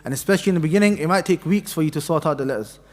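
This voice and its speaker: A man teaches a mosque class, patiently sounding out letters and waiting for students to repeat. His voice sits slightly high, and each word trails off in the long echo of the mosque hall around him. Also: rapid-fire. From Pakistani heritage. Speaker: tajweed teacher.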